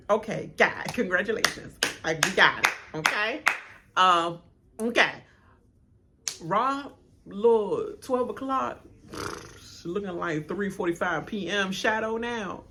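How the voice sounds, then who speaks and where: A woman hosts a reaction vlog, talking straight to her viewers in a loose, slangy rant. Her bright, sharp voice leaps up and down with lively animation, and she often breaks into laughter between her points. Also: fairly low pitch, measured pace. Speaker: reaction channel host. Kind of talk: casual ranting reaction commentary.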